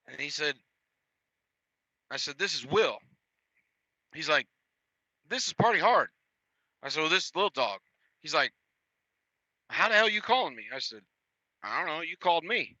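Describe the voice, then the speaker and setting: A man's voice: on the high side, sharp tone, no echo, rough recording. A man in his thirties, a truck driver from the United States, telling a story in a blunt, profane, repetitive rambling way. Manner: blunt, profane, repeats himself. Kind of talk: casual storytelling rant.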